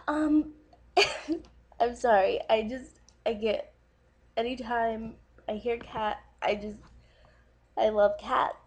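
An actress playing a nervous young woman in a dating video who keeps breaking into tears over cats, halting with many ums. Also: high-pitched. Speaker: comic dating video character. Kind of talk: comedic video monologue.

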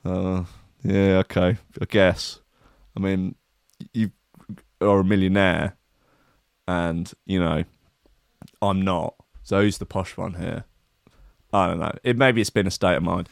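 A man's voice: low-pitched, steady tone, slow, creaky, pauses often, dry recording, clean studio sound. A man hosting a comic riff on the news, rambling and sardonic, swearing and mocking himself. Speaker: comedian host.

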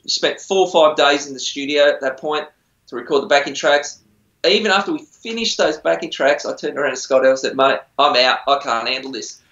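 A man's voice: a little high, brisk, a bit bright. A middle-aged man, a musician, telling stories in a rambling, chatty, self-deprecating way during a casual interview. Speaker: musician on a TV singing show. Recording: roomy, dull lo-fi sound.

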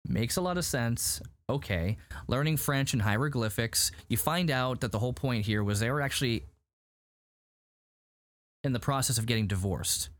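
A man hosting a casual chat, recapping a show in an animated, rambling way full of "like". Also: medium pitch, moderate pace. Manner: animated, rambling, heavy use of "like". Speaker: podcast host recapping a show.

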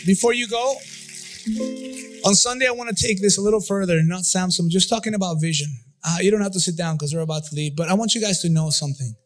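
High-voiced impassioned preacher. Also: male voice, quick pace. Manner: impassioned, repeating phrases, half-singing lines. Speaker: pastor. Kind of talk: sermon and altar-call prayer. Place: church. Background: instrumental music.

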